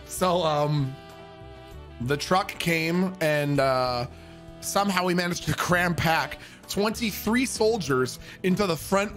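A man's voice: a little high, fairly bright tone. A man telling a story in a casual, profane, rambling way, full of restarts.

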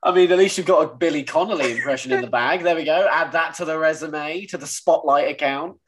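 A man's voice: on the high side, fast talker. A man hosting a casual interview, joking, laughing along and phrasing questions loosely. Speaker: interviewer host.

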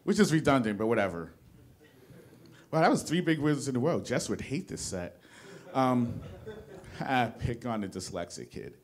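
A young man from New Jersey performs a stand-up set in a small studio before a live audience. His mid-range voice is expressive and moves at a normal speed, though he pauses often. He rambles and mocks himself, frequently stopping and restarting his sentences.

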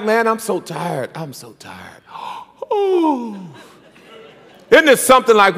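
A male pastor preaching a sermon in a church sanctuary, calling for responses from the congregation and swelling into shouts. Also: high voice. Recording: long reverb of a large church hall.

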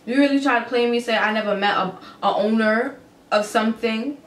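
A young adult woman vlogger recounting a story in a casual, animated, swearing, incredulous way. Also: a little high, a little fast, slight background noise. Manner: animated, profane, incredulous retelling. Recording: roomy echo with faint ambience.

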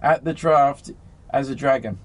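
Deadpan English comedian, dry wit. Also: male voice, mid-range voice, a little slow. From England. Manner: dry, deadpan, grumpy humor. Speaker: magician and comedian guest. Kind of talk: comic TV interview via video link.

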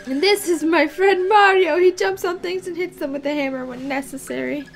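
A gracious young princess, read aloud by a woman in nearly her own voice. Her tone sits very high and light, with an easy read-aloud delivery. Game music murmurs faintly behind. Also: moderate pace, gravelly. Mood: polite.

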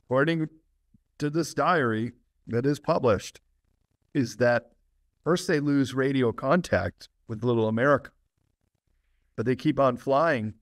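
An enthusiastic man talks at length as a podcast guest, laughing now and then. His voice has a middle pitch. The sound is dry and close, with no room around it. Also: a little slow, long pauses, no room sound. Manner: enthusiastic, laughs often, steady explaining. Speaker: guest author. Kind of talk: podcast interview storytelling.

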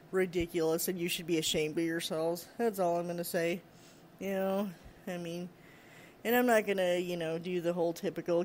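Vlog host, casual rant, frequent laughs, filler words, mid-pitched voice, faint background noise. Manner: laughs often while ranting, many fillers; mocks with put-on voices. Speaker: show host.

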